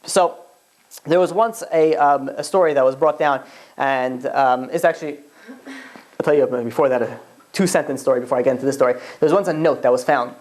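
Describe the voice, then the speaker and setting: Fast-talking rabbi teaching a class. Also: male voice, mid-range voice. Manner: animated, chatty, many fillers and restarts, acts out quotes. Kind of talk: casual classroom lesson with storytelling.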